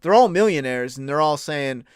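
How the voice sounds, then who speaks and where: A man's voice: a little high, normal speed, smooth, no room sound, studio quality. A man hosting a casual stream, talking bluntly and profanely in a rambling way. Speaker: podcast host. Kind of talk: casual live-stream chat.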